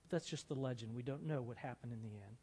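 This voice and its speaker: A man's voice: mid-range voice, fast talker, mellow, breathy edge, big-room sound. A male preacher giving a sermon, reading from a novel with earnest and dramatic emphasis.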